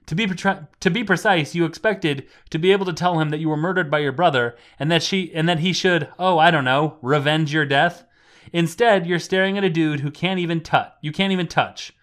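A man's voice: fairly high pitch, a bit bright. A man co-hosting a comedy podcast, reading an adventure book aloud with dry, sarcastic asides. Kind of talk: casual comedic chat and narration.

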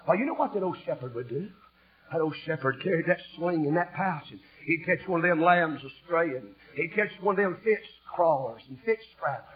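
A preacher man delivers a revival sermon in rhythmic bursts, his high voice swinging widely as he climbs to shouts and sinks back low. The recording sounds dull and lo-fi. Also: expressive, a little fast, slightly rough. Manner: rhythmic, rising to shouted peaks then dropping low.

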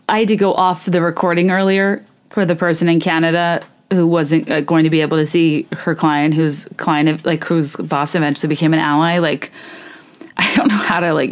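A woman hosting a casual podcast, reading listener stories aloud and reacting candidly and indignantly, with many "like" fillers. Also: sits low.

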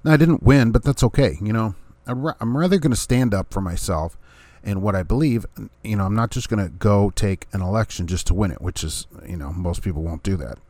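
A man with a fairly low voice talks in a loose, unscripted rant, firing off rhetorical questions and briefly acting out what other people say. The sound is dry and close, with almost no room in it. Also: brisk, darkish tone, dry recording. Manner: ranting, rhetorical questions, chuckles, acts out others' words. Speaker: vlogger, former third-party candidate. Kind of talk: casual opinion monologue.

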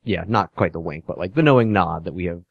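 Low-voiced man playing a tabletop game. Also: fast talker, vocal fry, dry recording, dull audio. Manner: hesitant, many fillers. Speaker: player. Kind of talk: casual tabletop game play.

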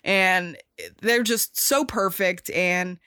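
A woman hosting a podcast in casual chat, talking in an animated, rambling way with many fillers and restarts, emphatic and swearing casually. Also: medium pitch, slow pace, clear, resonant tone, dry recording, studio quality. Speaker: podcast host.

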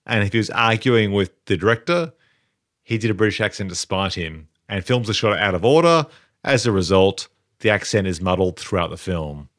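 Low-voiced man hosting a podcast, dry sound. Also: animated, normal speed, fairly bright tone, dry recording. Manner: leads segments, reads trivia aloud. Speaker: podcast host. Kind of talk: casual podcast chat.

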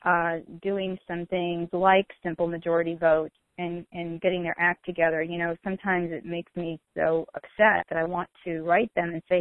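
A woman's voice: fairly low pitch, level tone, moderate pace, hardly any pauses, no echo. A woman hosting a radio talk show, chatty, with many fillers. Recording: dry, narrow phone-like radio sound.

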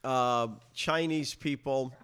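Male co-host, relaxed and easygoing, casual podcast banter. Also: medium pitch, takes it slowly, clear, resonant tone. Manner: relaxed, laughs along.

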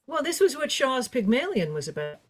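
A woman's voice: sits high, very animated, fairly quick. Chatty American-born woman interviewer. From United States. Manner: chatty, leans on you know. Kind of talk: casual interview chat.

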